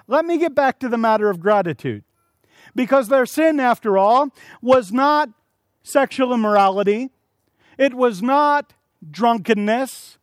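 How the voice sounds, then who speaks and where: A man preaching an evening sermon, telling stories and acting out quotes in a lively, animated way. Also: high voice, dry recording. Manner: storytelling with acted-out quotes and shouted asides.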